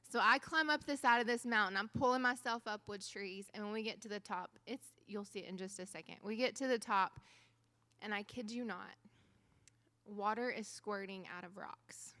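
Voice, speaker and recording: Woman, missionary speaker, bright clear tone, lively storytelling testimony. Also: medium pitch, normal speed. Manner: animated storytelling with quoted dialogue. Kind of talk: church testimony.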